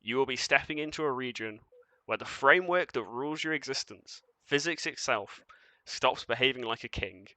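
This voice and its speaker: Measured and formal, a man's pronouncements bring to life a cold, commanding being of shifting light at a tabletop game. He uses his natural voice, medium in pitch, pushed and bright, with no room sound.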